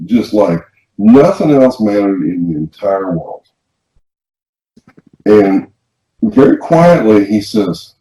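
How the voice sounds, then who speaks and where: A man's voice: lowish voice, big pitch swings, slow pace, pauses often. A man co-hosting a podcast, telling a personal story in a rambling, casual way with frequent restarts. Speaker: podcast co-host. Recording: roomy, dull lo-fi sound.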